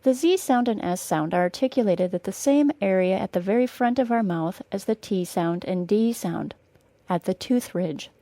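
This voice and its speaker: Warm-voiced American pronunciation teacher. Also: female voice, mid-range voice, no room sound. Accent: General American. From northern Wisconsin, US. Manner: careful, slow model pronunciations. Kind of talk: scripted podcast lesson.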